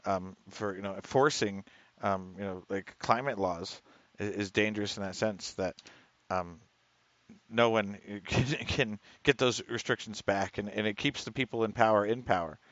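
A man co-hosting a podcast in casual chat, halting with fillers and swearing now and then. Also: on the low side, a bit bright, dry recording, highs cut off. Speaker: podcast co-host. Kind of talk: casual live-show chat.

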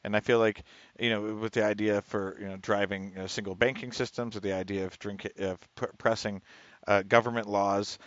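A male podcast co-host with a low voice talks loosely, stopping and restarting through his points. The sound is muffled and lo-fi, and dry with no room around it. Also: level tone, dry recording. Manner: loose, swears, halting with fillers. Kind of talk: casual live-show chat.

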